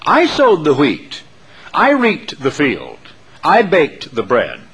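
A man's voice: fairly high pitch, wildly swooping pitch, slow, a bit bright, heavily acted. A man voicing a hardworking little red hen in a storybook read aloud. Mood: indignant. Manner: earnest, storybook reading.

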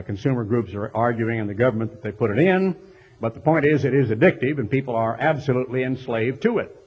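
A man preaching a sermon in an animated way, reading scripture and acting out the voices of the crowd. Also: medium pitch, breathy edge. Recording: dull lo-fi recording.

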